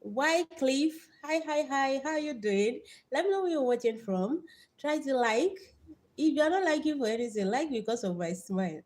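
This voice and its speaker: Young Nigerian woman, Nigerian accent, fairly high voice, lively livestream host who preaches and repeats words. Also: moderate pace. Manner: lively, repeats words, greets viewers by name. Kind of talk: live stream motivational talk with Bible verses.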